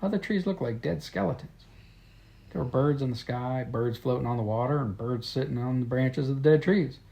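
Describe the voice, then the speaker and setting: Husky gravelly guy reading a kids storybook aloud, friendly plain delivery. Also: medium pitch, moderate pace, mellow. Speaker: storybook reader. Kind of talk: reading a children's story in diary letters.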